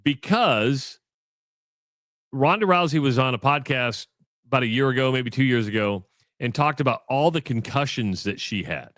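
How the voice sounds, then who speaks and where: A man's voice: mid-range voice, expressive, normal speed, fairly bright tone, no echo, clean studio sound. A man co-hosting a sports radio show, chatting casually and joking, sometimes tripping over his words. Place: radio studio.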